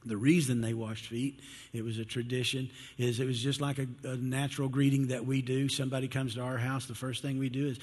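Husky folksy preacher in a hall. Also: male voice, medium pitch, level tone, fairly quick. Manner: folksy storytelling, acts out disciples' voices. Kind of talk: sermon.

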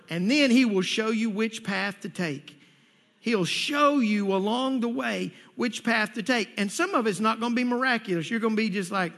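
A man with a fairly high voice delivers a sermon, telling his own stories in an earnest way. He presses his points with growing emphasis. Long reverb hangs on his words in a hall. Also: moderate pace, creaky, a bit bright. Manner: earnest storytelling, rising emphatic near the end. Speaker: preacher.

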